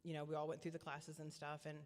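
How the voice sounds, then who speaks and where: A middle-aged woman giving a personal testimony as a parent, earnest and repetitive, often halting and restarting her sentences. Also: deep voice, completely flat delivery, a little mellow. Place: church hall. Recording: long church hall reverb.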